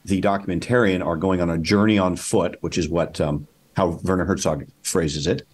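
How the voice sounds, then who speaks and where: A man's voice: low voice, steady tone, moderate pace. A male documentary filmmaker talking casually as an interview guest, thinking aloud with many fillers and restarts. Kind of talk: casual conversation.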